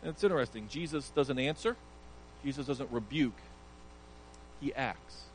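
A man's voice: medium pitch, expressive, moderate pace, a little hiss or hum, rough recording. A male pastor preaching an earnest sermon, emphatic and sometimes stumbling over restarts.

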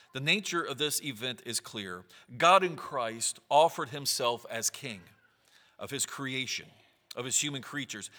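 Male preacher, earnest sermon delivery, sharp bright tone, long hall reverb. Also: medium pitch. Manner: earnest, reads scripture aloud with rising emphasis.

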